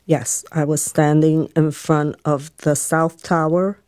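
A woman's voice: low-pitched, little pitch movement, slow pace, darkish tone, no room sound, clean studio sound. A woman who is a police officer, recounting events in an interview in a plain, matter-of-fact way.

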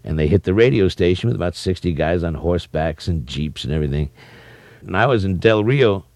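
A man's voice: low voice, brisk, dry recording. A man telling a rowdy story from his past, with vivid sound effects. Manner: lively yarn-spinner with sound effects. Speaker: interviewee. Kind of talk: animated storytelling.

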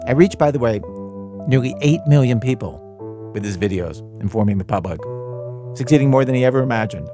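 A man's voice: medium pitch, expressive, brisk, over music. A man hosting a radio show, narrating in a wry, conversational way from a studio mic.

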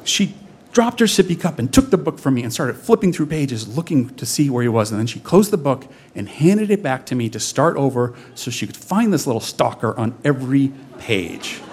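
A man in his forties telling a comic personal story on stage, with a lively, animated delivery. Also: mid-range voice. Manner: comic, animated, mimics voices in quotes. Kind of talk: live storytelling performance. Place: stage before an audience.

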